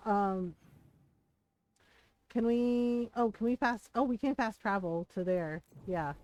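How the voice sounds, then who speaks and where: A woman chats away while she plays a video game, giggling between thoughts and quoting old lines in playful little voices. Her voice sits a bit high but sounds mellow and warm. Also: slow, pauses often, no room sound, rough recording. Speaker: game streamer. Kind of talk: casual chat while gaming.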